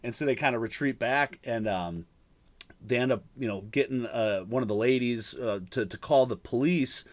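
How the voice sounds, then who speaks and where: A man hosts a podcast over a remote call, spinning a long story in loose, casual chat. He swears constantly, repeats himself and trails through fillers and restarts. His voice sits at an ordinary middle pitch. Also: normal speed. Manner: profane, rambling, lots of fillers and restarts. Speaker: podcast host.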